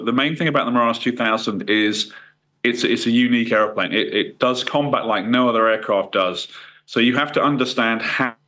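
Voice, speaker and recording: A middle-aged man with a croaky voice from a cold, answering interview questions in a hesitant way with fillers and restarts. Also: mid-range voice, bright, forceful tone. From United Kingdom. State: hoarse from a cold. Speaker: guest, former fighter pilot.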